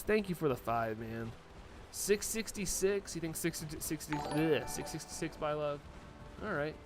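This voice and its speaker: A man's voice: on the high side, a little hiss or hum. A young man live-streaming, chatting casually and laughing often as he reacts to viewer messages.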